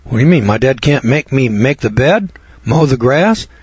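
An American man preaching a sermon, blunt and folksy, repeating his points for weight. His voice is husky and dry, and the recording has a dull, lo-fi sound. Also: mid-range voice, animated, normal speed, darkish tone, no room sound. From United States.

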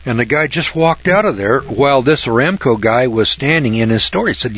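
A man's voice: medium pitch, expressive, normal speed, hardly any pauses, a bit bright, no echo. An older man telling a long rambling story in a folksy, drawling way, full of fillers and restarts, then moving into Bible commentary. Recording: dull lo-fi recording.

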